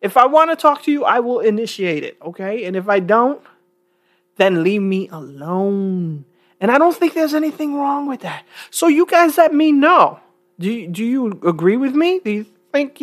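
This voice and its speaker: With a fairly high, very animated voice at a normal pace, a New York woman vlogs casually to camera. She's direct and emphatic with her viewers and keeps breaking into chuckles.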